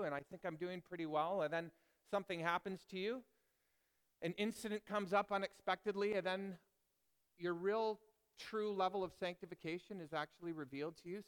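A man preaching a sermon as pastor, telling a self-deprecating personal story in a lively, animated way. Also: on the high side, smooth.

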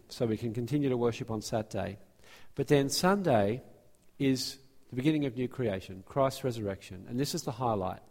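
A man's voice: mid-range voice, a little mellow. A man preaching a sermon and giving church announcements as pastor, speaking earnestly and often restarting his phrases. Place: church sanctuary. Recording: long hall reverb from a church.

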